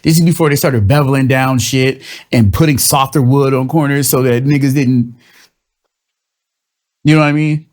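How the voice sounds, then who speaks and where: A young man hosting his own show, delivering a loose, profane, rambling comedic monologue and slipping into quick mocking voices. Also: mid-range voice. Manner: loose, profane, rambling storytelling with shifting vocal impressions. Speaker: host of a comedic commentary show.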